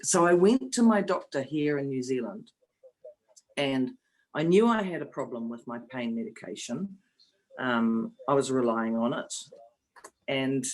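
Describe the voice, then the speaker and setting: A woman's voice: low voice, a little mellow, low-quality recording. A woman in her fifties, an interview guest speaking candidly and emotionally about her own experience. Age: 50s. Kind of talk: personal storytelling in an interview.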